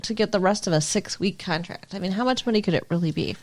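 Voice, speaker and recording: A woman's voice: mid-range voice, fast. A woman co-hosting a podcast, recapping a TV show in casual chat with dry, questioning remarks. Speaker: podcast co-host.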